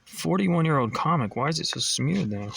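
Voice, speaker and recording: A man's voice: on the high side, lively intonation, normal speed, gravelly, noisy background. A man casually reading through comics, chatting and rambling in asides and stumbling over words now and then. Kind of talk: casual comic read-along.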